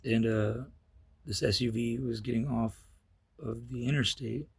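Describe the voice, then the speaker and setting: A man with a gravelly, husky voice, telling a personal story in a rambling way with many fillers and restarts. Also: mid-range voice, fairly even intonation, measured pace, dry recording. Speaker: vlogger. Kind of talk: casual storytelling.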